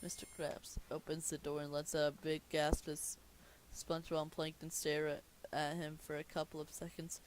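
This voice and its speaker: A man's voice: a little high, monotone, moderate pace, slight background noise. A young man reading a cartoon movie script aloud for laughs, often stumbling, restarting and commenting on the text. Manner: stumbling, amused, self-interrupting. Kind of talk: comedic script read-through.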